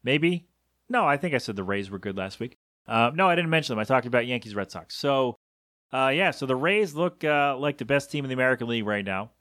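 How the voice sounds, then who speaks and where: A man's voice: medium pitch, animated, fairly quick, fairly bright tone, dry recording, clean studio sound. A man hosting a podcast, chatting loosely about sports on his own, often correcting himself and wandering off into asides. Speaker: podcast host. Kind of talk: casual solo sports talk.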